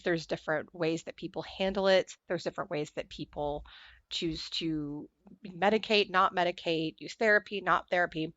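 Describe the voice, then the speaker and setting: A woman's voice: lowish voice, no echo, dull audio. A woman guest on a podcast interview, talking candidly and acting out the voices of people in her stories with bursts of laughter. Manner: animated storyteller acting out quoted voices with laughter.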